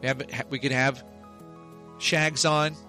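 A man's voice: medium pitch, little pitch movement, a little slow, sharp tone, soft background music. A man co-hosting a podcast, rambling and joking with swearing, telling silly made-up scenarios. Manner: rambling, profane, jokey storytelling. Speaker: podcast co-host. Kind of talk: casual chat.

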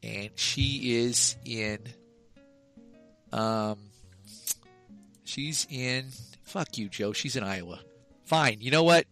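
A podcast co-host rambles, jokes, and swears through casual chat, telling silly made-up scenarios in a profane, jokey storytelling style. His mid-range voice is fairly bright, and he speaks slowly with frequent pauses. Faint music plays behind him.

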